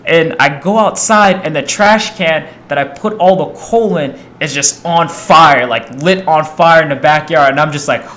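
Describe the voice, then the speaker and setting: Animated young man telling a story. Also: on the high side, measured pace, hardly any pauses. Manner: rambling, animated, acts out quoted voices. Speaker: storyteller vlogger. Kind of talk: casual storytelling to camera.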